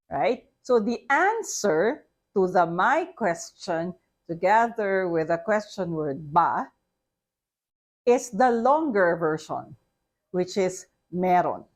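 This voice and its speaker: A woman teaching a language lesson to foreign learners, speaking slowly and deliberately and often checking understanding with "okay?". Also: fairly low pitch. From Philippines.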